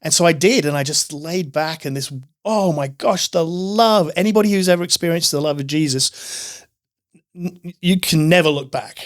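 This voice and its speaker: A middle-aged man telling his life story as a podcast guest, emphatic and animated, acting out his own past outbursts. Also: a little high, moderate pace. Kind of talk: testimony in casual interview.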